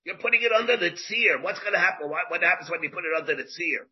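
Rabbi leading a Talmud class, high husky voice, full of rhetorical questions, dull lo-fi recording. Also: male voice, lively intonation, fast talker. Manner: rhetorical questions, repeats phrases, mixes in Hebrew terms.

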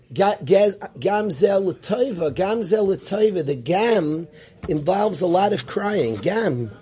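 Animated rebbe man giving a Torah class. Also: on the high side, slightly rough. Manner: animated, rhetorical questions, Yiddish-Hebrew terms.

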